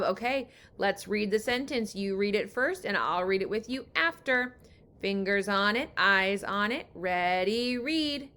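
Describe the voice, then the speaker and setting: A woman teacher leads young children through a picture book, one word at a time. Her voice is bright and clear, and she speaks slowly, drawing out her words to encourage them. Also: medium pitch. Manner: slow, encouraging, with drawn-out words. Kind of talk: guided reading lesson for young children.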